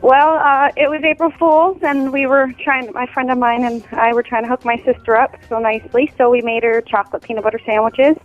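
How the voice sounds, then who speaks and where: A woman of about thirty calls in hesitantly to a radio show. Her voice is very high. The phone line is thin, and faint music runs underneath. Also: steady tone, fairly quick, few pauses. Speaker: caller. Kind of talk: phone-in confession.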